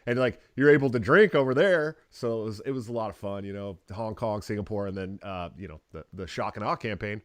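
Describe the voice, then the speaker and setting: A man's voice: fairly low pitch, fairly quick, hardly any pauses, no echo, studio quality. A man talking as a podcast guest, telling rambling, profane, laid-back stories. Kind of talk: casual chat.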